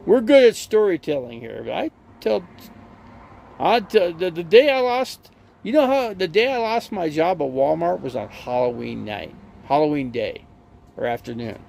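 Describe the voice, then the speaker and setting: A man with a very gravelly, rough voice talks in a loose, rambling way, his pitch jumping around a lot as he tells stories. A faint hum of background noise sits under his voice. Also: animated, measured pace, a little mellow. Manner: rambling storyteller, many fillers and restarts. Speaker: live streamer. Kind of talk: casual rambling chat.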